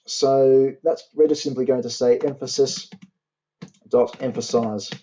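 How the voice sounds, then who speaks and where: A young man tutoring a university class, walking through code as he types and spelling out syntax slowly, with keyboard clicks behind him. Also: medium pitch, steady tone, warm tone, muffled recording. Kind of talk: coding tutorial.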